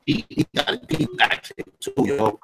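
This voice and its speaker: A gravelly-voiced man from Aboriginal Australia, chatting animatedly on a livestream. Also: medium pitch, moderate pace, background noise. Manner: animated, talks in bursts and doubles back. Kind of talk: casual livestream chat. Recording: music playing behind.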